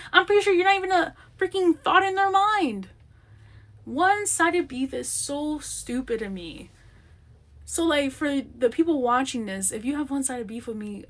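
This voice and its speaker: Young woman host, solo podcast rant, emphatic and animated, fairly high voice. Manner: animated, emphatic storytelling with acted-out quotes.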